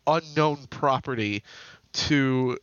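A man's voice: medium pitch, a bit bright, no room sound. Man casually recapping lore, dull dry sound. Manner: chatty, retells story with quick asides and laughs. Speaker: podcast co-host.

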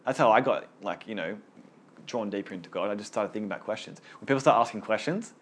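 A man's voice: fairly low pitch, fast talker, slight background noise. A man leading a small Bible study group, teaching casually and earnestly, often repeating words as he gets going.

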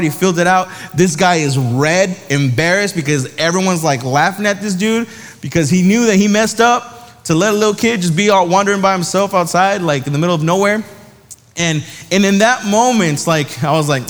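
A man's voice: a little high, brisk, long reverb tail. Young man preaching to students, casual and slangy. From South Dakota. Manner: casual storytelling with slang, acting out voices in anecdotes. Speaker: youth pastor. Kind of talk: sermon.

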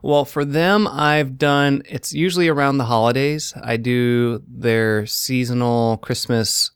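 A male voiceover actor speaking earnestly as a guest in a casual interview, in quick bursts. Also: mid-range voice, steady tone, clean tone, dry recording, studio quality.

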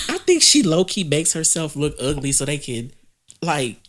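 A man's voice: a little high, big pitch swings, measured pace, fairly bright tone. A man co-hosting a podcast in casual chat, sassy and profane. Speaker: podcast co-host.

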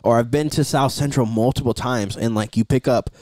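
A man tells stories in loose, profane casual chat, jumping into the voices of the people he quotes. His voice sits at an ordinary pitch for a man. The sound is dry and close, with no room echo. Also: steady tone, a little fast, a little mellow. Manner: profane storyteller, acts out quotes.

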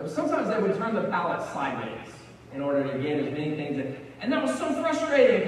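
A man's voice: sits high, a little hiss or hum. A man preaching a sermon in a conversational way, often repeating words as he gets going. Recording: echoey hall, far from the mic.

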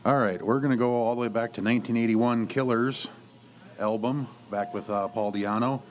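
A man from Wisconsin, a music roadie, calmly naming his pick as a guest on a talk show. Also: mid-range voice, normal speed, a little hiss or hum. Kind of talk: casual chat.

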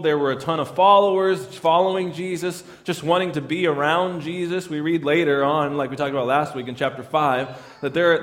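A man's voice: fairly high pitch, big-room sound. A man preaching a sermon in a conversational way, often repeating words as he restarts his lines. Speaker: pastor.

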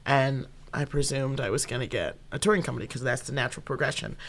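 A woman's voice: very deep voice, quick pace. A young adult woman, an improv comedian and actor, telling stories in a casual interview and acting out what people said. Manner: animated storyteller who acts out quoted dialogue.

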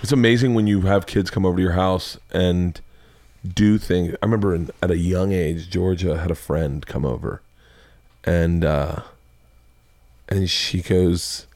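A man's voice: sits low, fairly even intonation, unhurried, darkish tone. Rambling, swearing man host. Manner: rambling storyteller, swears freely. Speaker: podcast host. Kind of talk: casual chat.

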